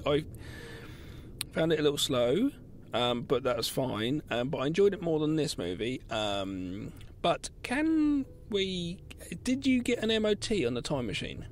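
A man's voice: a little high, big pitch swings, a little slow, slight background noise. A man in his forties co-hosting a podcast, chatting about films in a playful, sometimes apologetic way. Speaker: podcast co-host. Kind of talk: casual film review chat.

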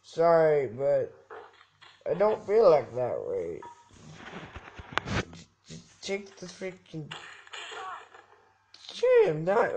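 A man's voice: a little high, big pitch swings, takes it slowly, long pauses, dark tone, a little hiss or hum. A young man giving goofy, jokey let's-play commentary, talking back to the game's characters. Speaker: gaming YouTuber.

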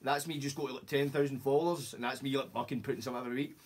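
Husky, rapid Scottish man, sweary. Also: mid-range voice, fairly even intonation. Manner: sweary, rambling anecdotes with acted-out quotes. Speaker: podcast host. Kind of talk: casual podcast chat.

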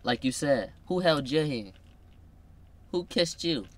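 A man's voice: a little high, expressive, takes it slowly. A young man, teasing his girlfriend in a casual vlog chat. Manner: playful teasing, loud bursts. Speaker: vlogger.

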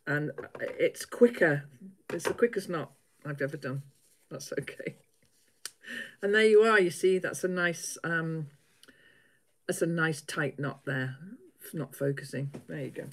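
A middle-aged woman, chatting casually with live viewers while she sews, laughing often. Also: deep voice. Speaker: livestream host.

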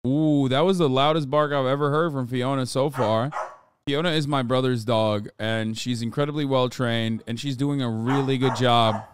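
A man's voice: medium pitch, steady tone, normal speed, background noise. A man in his thirties streaming live, talking casually and profanely, ranting at his chat while dogs bark nearby. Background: dogs barking.

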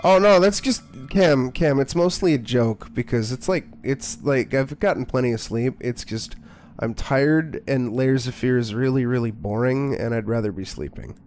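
A man's voice: mid-range voice, normal speed, a little mellow, slight background noise. A man streaming a horror game, giving sarcastic, mock-scared commentary and swearing freely. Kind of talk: live gameplay commentary.

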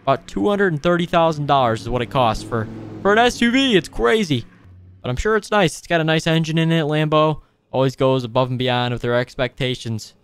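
A man hosting a gaming video, giving excitable, casual play-by-play commentary full of exclamations and asides to his viewers. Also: fairly high pitch, a little fast, a little hiss or hum. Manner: excitable, frequent exclamations, addresses viewers as boys.

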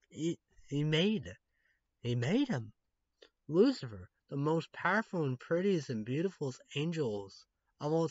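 Rambling slow-talking man, lo-fi. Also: mid-range voice, dry recording. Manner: rambling, repeats "you know", swears when outraged. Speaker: vlogger. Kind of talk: rambling casual monologue. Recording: dull lo-fi dry sound.

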